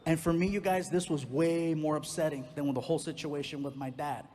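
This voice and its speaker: A man doing stand-up storytelling, animated and prone to loud outbursts. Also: fairly high pitch, brisk, in a large hall. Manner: animated, swings into loud outbursts, lots of character voices. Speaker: stand-up comedian.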